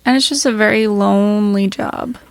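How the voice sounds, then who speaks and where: A woman co-hosting a casual podcast, a little hoarse, chatty and laughing often as she rambles through stories. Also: mid-range voice, fairly even intonation, moderate pace, dry recording. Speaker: podcast co-host. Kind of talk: casual chat.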